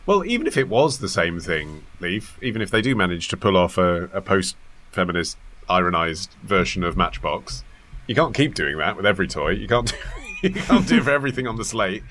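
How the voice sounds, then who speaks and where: A man hosting a news discussion podcast, with wry, brisk links between segments. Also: sits low, sing-song, a bit bright, slight background noise. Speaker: podcast host.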